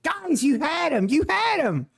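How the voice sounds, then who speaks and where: A man putting on an angry male trading-firm figure who shouts in a scolding, high-pitched voice. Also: big pitch swings, a little slow, creaky, exaggerated voice. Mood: fuming, scolding.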